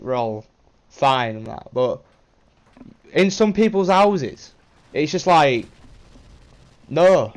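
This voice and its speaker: A man's voice: fairly high pitch, a little mellow. A young man with a British accent rambling casually through a vlog, repeating himself and swearing now and then. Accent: British English. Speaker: vlogger.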